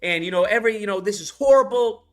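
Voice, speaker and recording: A man's voice: sits high, expressive, quick pace. A man voicing a scheming male villain giving a television interview. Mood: accusing.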